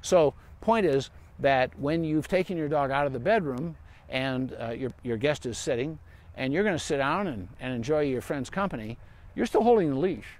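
A man's voice: mid-range voice, expressive, moderate pace, darkish tone. A man, a veterinarian, giving dog training advice in a casual, rambling live-stream Q&A outdoors in a park. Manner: chatty and rambling, with asides and fillers.

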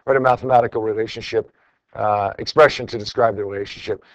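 A man's voice: fairly low pitch, steady tone, fast, no room sound, dull audio. A man teaching a classroom lesson, going over homework in a conversational way and calling on students by name.

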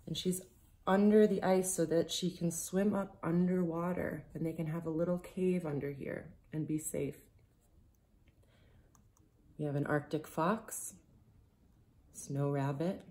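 A woman reading a picture book aloud to children, gently explaining as she goes and asking them questions. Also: deep voice, steady tone. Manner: gentle, slow storytelling, speaking directly to children.

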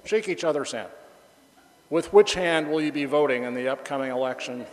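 A man's voice: fairly high pitch, a little fast, long reverb tail, low-quality recording. A male pastor preaching a conversational sermon, chatty and joking, bantering with the congregation.

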